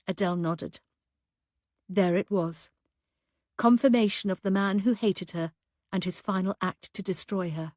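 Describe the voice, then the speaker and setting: Woman, audiobook narrator, measured delivery, close studio mic, dry room. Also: mid-range voice, darkish tone, no echo.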